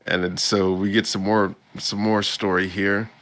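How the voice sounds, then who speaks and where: A man's voice: fairly low pitch, flat delivery, a little slow, fairly bright tone. A man hosting a podcast, recapping an anime episode in a rambling, chuckling way. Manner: rambling, with many restarts and chuckles. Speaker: podcast host. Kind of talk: casual anime recap chat.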